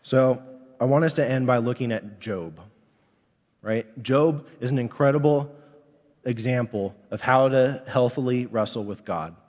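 A man in his thirties preaching in a church, at a moderate, ordinary pitch. He talks in a candid, conversational way. A long reverb hangs on his words in the sanctuary. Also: measured pace, a little mellow. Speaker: pastor. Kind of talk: sermon.

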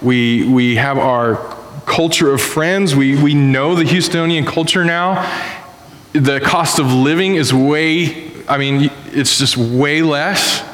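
A man in his thirties preaching a sermon to a congregation in a casual, animated storytelling way. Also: fairly high pitch, slow. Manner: animated storytelling, acting out voices. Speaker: pastor. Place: church hall. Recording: echoey hall with long reverb.

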